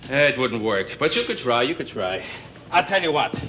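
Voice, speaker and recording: An actor playing a pushy, fast-talking male merchant with a salesman's wheedling patter in a 1960s TV comedy sketch. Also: medium pitch, big pitch swings, pushed and bright. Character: pushy, wisecracking male merchant haggling over goods. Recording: noisy 1960s broadcast audio.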